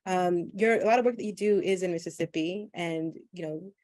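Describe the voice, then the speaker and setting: Chatty low-voiced woman moderator. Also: fairly quick, darkish tone. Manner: chatty, with many fillers. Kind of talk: casual interview hosting.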